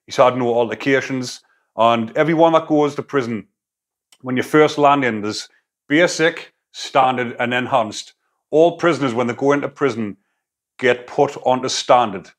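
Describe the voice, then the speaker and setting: A man's voice: mid-range voice, normal speed. Blunt man giving his opinion. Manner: blunt, speculative, prison slang. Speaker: YouTube commentator, former prisoner. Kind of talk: casual opinion monologue.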